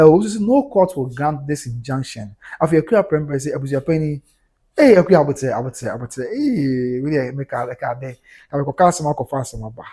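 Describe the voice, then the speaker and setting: A man's voice: on the high side, mellow, husky. A Ghanaian man hosting a livestream, reading out viewer comments and reacting to them in a mix of Twi and English.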